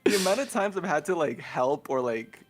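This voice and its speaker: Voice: medium pitch, expressive, brisk. A speaker in a casual chat, telling role-play game stories, acting out quoted lines and laughing often.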